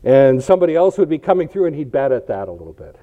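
A man's voice: mid-range voice, very animated, quick pace. A man preaching a sermon in a conversational, storytelling way, often checking in with "right?". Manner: conversational, illustrative storytelling with rhetorical questions. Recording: dull lo-fi recording.

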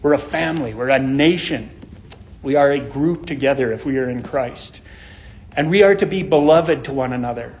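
A man's voice: mid-range voice, moderate pace, a little mellow. A man preaching an expository sermon, earnest and explanatory, often restarting his phrases. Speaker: pastor.

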